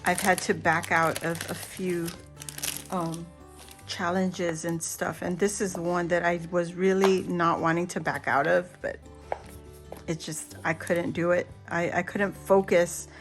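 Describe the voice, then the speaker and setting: A middle-aged woman vlogger chatting casually and excitedly as she unboxes a birthday gift, gasping and laughing. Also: fairly low pitch, unhurried, soft background music. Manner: excited and giddy, many gasps and laughs. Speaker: crafting vlogger.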